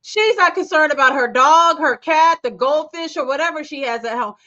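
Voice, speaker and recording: A woman's voice: high-pitched, moderate pace, pushed and bright. A woman co-hosting a casual podcast about a reality show, talking bluntly and swearing freely. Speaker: podcast co-host. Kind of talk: casual reality TV recap chat. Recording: slightly dull lo-fi sound.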